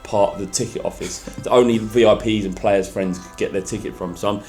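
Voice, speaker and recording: A man's voice: fairly low pitch, fairly even intonation, brisk, a little mellow, faint music behind. A man co-hosting a casual football podcast, telling rambling anecdotes full of slang. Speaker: podcast co-host.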